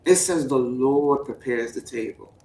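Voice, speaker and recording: A woman giving a playful sermon-style riff on a voice call, preachy and repetitive, bursting into high whoops. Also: a little slow, a little mellow. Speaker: show participant preaching to the group. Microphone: voice chat mic. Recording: roomy, distant voice chat audio, faint hum.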